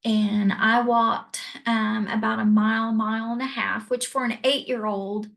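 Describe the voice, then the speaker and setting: A woman with a slightly high, gravelly voice recounts her own story slowly and earnestly. She takes her time, pausing between phrases in an interview. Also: little pitch movement, low-quality recording. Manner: earnest storytelling, soft and reflective. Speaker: guest.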